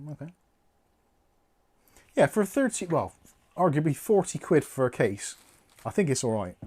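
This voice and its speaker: Male host, casual live-stream talk, lively pitch, swears and laughs at himself. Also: breathy edge.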